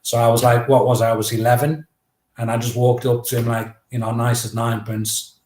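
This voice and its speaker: A middle-aged man, telling a story at a mid pitch in a lively, casual way and acting out each bit of dialogue. His voice carries a roomy echo. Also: fairly quick. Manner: lively, anecdotal, acts out dialogue. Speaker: guest, memoir author.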